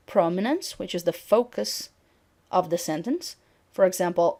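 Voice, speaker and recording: Woman lecturing clearly on intonation. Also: mid-range voice, lively intonation, moderate pace. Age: middle-aged. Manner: clear, demonstrative, acts out example sentences.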